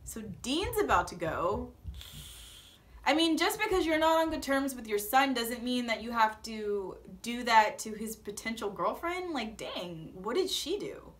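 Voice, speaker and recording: Young female vlogger, slightly high voice, chatty and theatrical, plays up her reactions. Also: big pitch swings, measured pace, a bit bright. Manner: dramatic, playful, acts out reactions. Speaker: vlogger recapping a reality show. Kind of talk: casual chatty recap.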